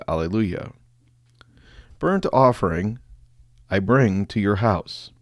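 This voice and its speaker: Low-voiced man chanting liturgical prayers. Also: darkish tone, dry recording, studio quality. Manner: measured chanting cadence, drops pitch on closing words. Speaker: prayer leader.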